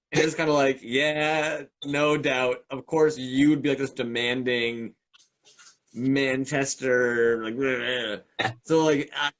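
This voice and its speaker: Man, host, mid-range voice, enthusiastic, talkative, meandering, casual live Q&A. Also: medium pitch.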